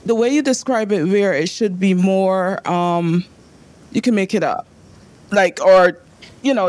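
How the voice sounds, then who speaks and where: A woman taking part in an acting workshop, sharing a point at a Q&A in a hesitant way with many pauses and restarts. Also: mid-range voice, a little mellow. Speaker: workshop participant. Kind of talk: question at a Q&A.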